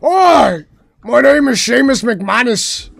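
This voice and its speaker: A man doing a loud Scottish pilot. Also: very high-pitched, animated, slow, vocal fry, no echo, clean studio sound, pitched above the performer's own voice, exaggerated voice. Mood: boisterous. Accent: put-on Scottish. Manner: loud and theatrical. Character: boisterous Scottish male pilot.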